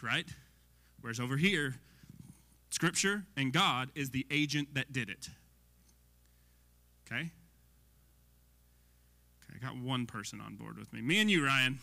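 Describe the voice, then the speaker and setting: A man preaching a sermon in a lively, conversational way, often asking the audience questions. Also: fairly high pitch. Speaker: pastor. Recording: long hall reverb.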